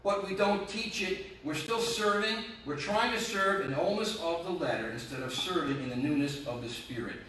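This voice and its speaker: Impassioned preacher in an echoey hall. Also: male voice, high voice, normal speed, few pauses, a bit bright, slight background noise. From North Jersey, USA. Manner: impassioned, hammering rhetorical questions and repeated phrases. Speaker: pastor. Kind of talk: sermon. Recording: very echoey room, mic at a distance.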